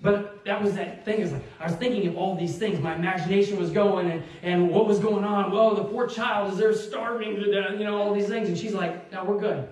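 Animated man preaching in an echoey church. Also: sits high, a little fast, few pauses. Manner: animated storytelling, acts out quotes, laughs along. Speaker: pastor. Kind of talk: sermon with personal story. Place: church sanctuary. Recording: very echoey church hall, distant mic.

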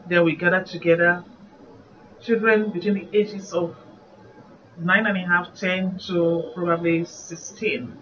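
A woman evangelist with a Nigerian accent gives an earnest, reflective devotional sermon in a lowish, slightly bright voice, unhurried and fairly even in intonation. The recording is muffled and distant, with faint background noise.

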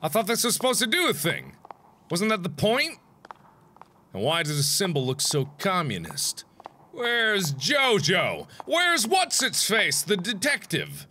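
A young man in his twenties doing jokey horror game commentary, swinging from quiet mutters to excited shouts. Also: sits high, slight background noise. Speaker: gaming YouTuber.

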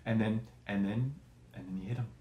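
A man's voice: on the low side, fairly even intonation, fairly quick, roomy sound, dull audio, a little hiss or hum. A man hosting a comedy show, ranting crudely in a rambling, mocking way and acting out other people's voices. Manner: profane, rambling, mocking, acts out quoted voices. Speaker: comedy podcast host.

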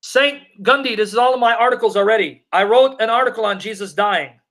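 Man, high-pitched voice, live-stream Bible teaching, emphatic, repeats his questions, slow deliberate scripture reading. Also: fairly bright tone. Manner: emphatic, repeats questions to drive points home; reads scripture aloud in a slow, deliberate cadence.

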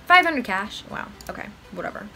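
A woman's voice: medium pitch, big pitch swings, fairly quick, vocal fry, bright, forceful tone, a little hiss or hum. A young woman giving bubbly, giggly gameplay commentary as a vlogger. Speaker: gaming vlogger. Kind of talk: gameplay commentary with read dialogue.

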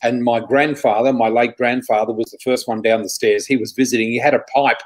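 A man's voice: mid-range voice, fairly quick, rough recording. Australian man telling a rambling story. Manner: animated, rambling storyteller with frequent restarts. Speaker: guest psychic. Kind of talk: storytelling in an interview.

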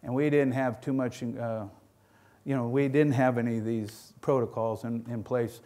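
A man's voice: mid-range voice, steady tone, moderate pace, warm tone. A middle-aged man who owns a dairy farm gives a conference presentation, telling stories in a folksy, rambling way, often restarting and repeating words. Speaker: dairy farm owner giving a talk.

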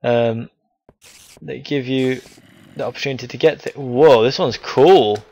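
Excitable young man narrating his gameplay. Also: mid-range voice, a little slow, highs cut off. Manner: excitable, frustrated outbursts at enemies; talks to the viewers. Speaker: gaming video host. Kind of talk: casual gameplay commentary.

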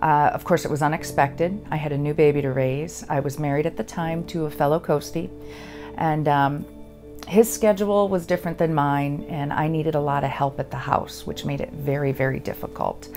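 A woman veteran giving a halting, earnest personal testimony. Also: low-pitched, steady tone, over music. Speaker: veteran sharing her story.

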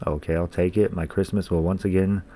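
A man's voice: sits low, level tone, a little fast, dark tone. A young man giving let's-play commentary, reading game lines aloud, swearing casually and laughing often. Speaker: gaming channel host.

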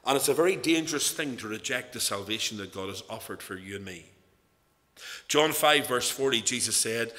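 Bright-voiced Northern Irish lay preacher. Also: male voice, mid-range voice, expressive, a little fast. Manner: earnest, storytelling, rising and falling emphasis. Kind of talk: sermon. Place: church. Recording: echoey church hall.

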